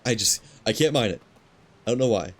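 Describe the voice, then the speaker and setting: A man streaming a game, talking to himself in a relaxed, muttering way while he plays, with hiccups. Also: mid-range voice, fairly quick. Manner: muttering to himself, laid-back. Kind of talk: casual gameplay commentary. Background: game ambience and engine noise.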